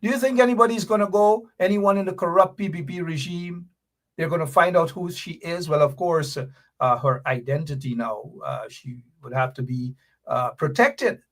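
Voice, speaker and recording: A man's voice: on the high side, normal speed, fairly bright tone. A man hosting a political commentary livestream, talking in an emphatic, indignant way and repeating his points. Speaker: host.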